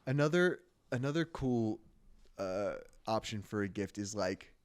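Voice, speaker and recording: A man co-hosting a casual podcast, joking and offhand, pausing on fillers. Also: lowish voice, lively intonation, clean tone. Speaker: podcast co-host.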